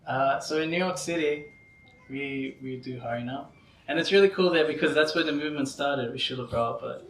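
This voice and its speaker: Bright-voiced man telling stories in a lecture. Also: fairly high pitch, brisk. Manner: lively storyteller, laughs often, frequent "you know". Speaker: lecturer at a devotional gathering. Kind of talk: anecdotal religious lecture. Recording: roomy hall from a distant mic.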